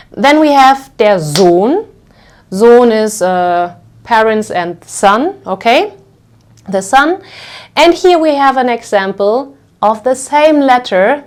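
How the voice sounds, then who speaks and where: A woman teaching a pronunciation lesson. She explains patiently, stretches sounds out to demonstrate them, and often checks in with "okay?". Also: on the high side. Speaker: language teacher.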